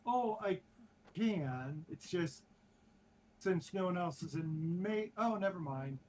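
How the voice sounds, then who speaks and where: A man's voice: high voice, expressive, slow pace, a little mellow, a little hiss or hum. A man playing a tabletop game, speaking hesitantly and working out his options mid-sentence. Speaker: player. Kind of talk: casual tabletop game chat.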